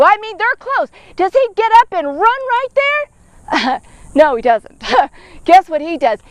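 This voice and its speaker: A woman's voice: very high voice, no room sound. A woman giving a casual devotional Bible teaching, talking conversationally and often checking in with "okay?" and "all right?". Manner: dramatic, acts out the people in the story.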